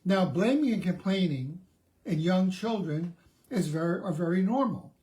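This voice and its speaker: A man's voice: high voice, expressive, normal speed, mellow. A middle-aged man, a therapist, giving a conversational self-help talk, often restarting and repeating words.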